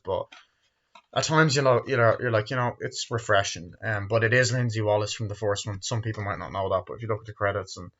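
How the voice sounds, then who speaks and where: A man's voice: lowish voice, fairly bright tone, muffled recording. A man giving a casual spoken movie review, rambling and swearing freely. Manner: rambling, profane, acts out scenes in quick put-on voices.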